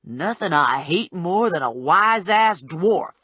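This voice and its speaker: A woman voicing a brash, streetwise female bounty hunter who talks in blunt slang with a slow drawl, for an audiobook. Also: on the low side, expressive, a bit bright, slightly rough, no echo, pitched below the performer's own voice, heavily acted. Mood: bossy.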